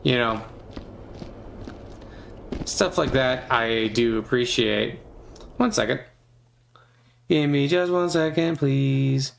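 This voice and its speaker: A man's voice: slow pace, gravelly, long pauses, poor audio. Rambling playful male streamer. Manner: rambling and playful, many fillers, bursts into squeaky silly voices. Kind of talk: casual gaming stream chat.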